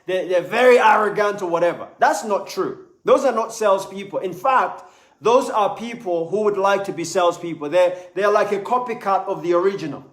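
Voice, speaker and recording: Animated high-voiced man teaching sales. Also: fairly quick. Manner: animated, acts out little voices, repeats words. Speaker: sales trainer. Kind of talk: live online sales lesson. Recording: echoey room.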